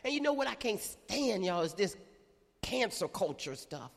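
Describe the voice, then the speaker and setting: A middle-aged woman, preaching an animated call-and-response sermon in a church. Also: medium pitch, normal speed, gravelly, big-room sound.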